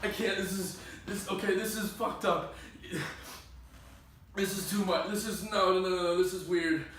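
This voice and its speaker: A young man playing an eager actor at an audition, talking in hesitant, halting restarts, recorded from a distance in an indoor room. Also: high voice, steady tone, fairly bright tone. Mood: angry. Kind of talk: comedy sketch acting. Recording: distant mic, very echoey room, faint hiss.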